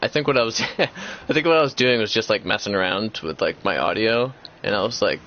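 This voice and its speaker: A man's voice: lowish voice, a little fast, fairly bright tone, a little hiss or hum. A young man hosting a gaming channel, chatting casually and rambling with lots of fillers and restarts. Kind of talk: casual chat. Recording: dull lo-fi sound.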